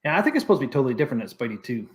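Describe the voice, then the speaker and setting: A man's voice: mid-range voice, sing-song, very fast. Laid-back man reading stream chat. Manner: laid-back, reads chat messages aloud. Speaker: host of a live stream show. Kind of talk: casual live stream chat.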